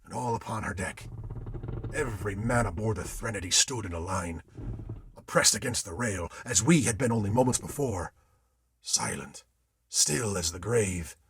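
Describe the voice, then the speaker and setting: A man's voice: on the low side, normal speed, breathy edge. A man telling a ghost story dramatically, in the voice of an old-time sailor recounting his tale. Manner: old-time sailor's speech, theatrical delivery.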